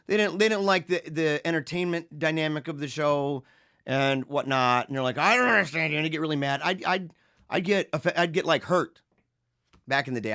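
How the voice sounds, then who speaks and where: A man hosting a casual livestream, reading viewer comments and chatting in an animated, laughing way. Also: on the high side, dry recording, clean studio sound. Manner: animated, laughing, drawn-out slang. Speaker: livestream host.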